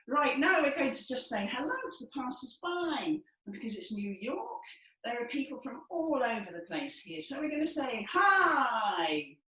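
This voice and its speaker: A woman, possibly from Wales, leading a guided breathing and vocal warm-up in a lively, encouraging, playful way. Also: sits high, recorded from a distance. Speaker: dance and movement leader. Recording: echoey room from afar.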